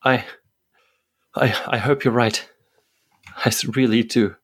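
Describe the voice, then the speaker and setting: A man's voice: medium pitch, steady tone, slow pace, husky, pitched above the performer's own voice. A man voicing a shaken, grieving actress whose voice wavers and who speaks hesitantly.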